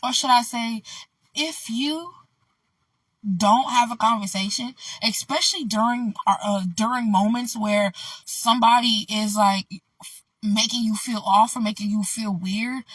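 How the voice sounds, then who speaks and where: A woman's voice: a little high, a little slow, fairly bright tone, husky, no echo, recorded from a distance, rough recording. A woman vlogger telling a casual story in a loose, candid ramble, full of "like" and "you know".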